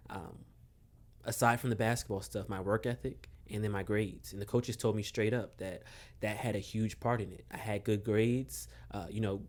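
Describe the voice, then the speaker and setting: A young man from Maryland, a guest on a podcast, telling a relaxed story with lots of fillers and chuckles. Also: fairly low pitch. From Maryland, USA. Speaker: podcast guest, basketball coach. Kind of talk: casual storytelling interview.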